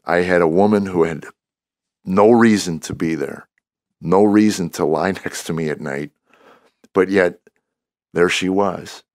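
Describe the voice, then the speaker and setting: Gravelly-voiced man in his sixties telling stories. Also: low voice, a little slow, long pauses, no echo, clean studio sound. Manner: animated storyteller who acts out quoted dialogue. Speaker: comedian guest. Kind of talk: storytelling in a podcast interview.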